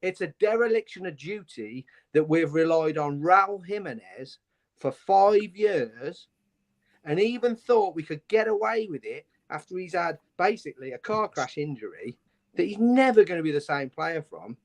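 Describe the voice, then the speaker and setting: A man's voice: a little high, very animated, normal speed. Fired-up man ranting passionately. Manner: impassioned, ranting. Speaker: fan panelist. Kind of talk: heated phone-in debate.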